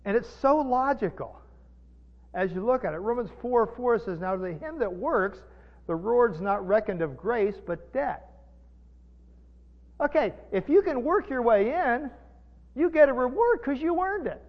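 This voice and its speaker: High-voiced man preaching in a reverberant church. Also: unhurried. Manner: conversational, animated, jokes and asides. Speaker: pastor. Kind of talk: sermon. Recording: dull lo-fi sound with long reverb.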